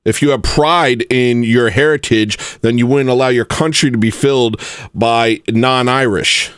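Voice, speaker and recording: A man hosting his own channel, talking in a casual ranting monologue that is animated and mocking, with sudden outbursts. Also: medium pitch, a little slow, clean tone, dry recording, studio quality. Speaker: channel host.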